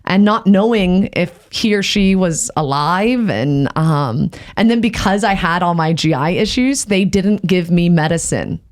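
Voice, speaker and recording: A woman's voice: lowish voice, measured pace, hardly any pauses. Candid woman telling hard stories. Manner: candid, animated, laughs through retellings. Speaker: podcast guest, host's wife. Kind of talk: casual conversational storytelling.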